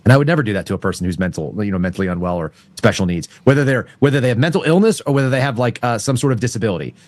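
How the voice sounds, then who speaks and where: A man's voice: medium pitch, animated, racing, no room sound. A man in casual podcast chat, blunt and crude, joking around, with a cough. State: has a cough.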